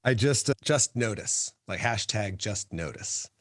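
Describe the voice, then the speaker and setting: A man's voice: fairly low pitch, a little slow, no room sound. A man hosting a podcast who works as a music therapist, reacting with enthusiasm in casual interview chat. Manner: enthusiastic, lively, with fillers.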